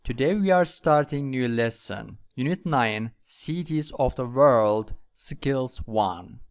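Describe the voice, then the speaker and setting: A man's voice: mid-range voice, lively intonation, slow pace, smooth. A man teaching English with a Vietnamese accent, going over vocabulary and repeating each word several times. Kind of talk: slow classroom lesson with repetition.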